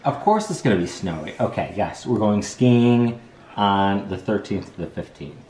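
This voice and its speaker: Relaxed low-voiced man bantering. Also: moderate pace. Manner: relaxed, playful banter, often quiet. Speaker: partner on the vlog. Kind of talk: casual chat.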